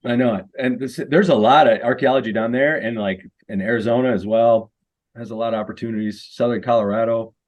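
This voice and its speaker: A man's voice: medium pitch, steady tone, brisk, darkish tone. A middle-aged man from Missouri chats as a podcast guest in an ordinary mid-range voice. He tells rambling stories and laughs easily between them. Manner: laughs often, loose storytelling. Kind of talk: casual podcast chat.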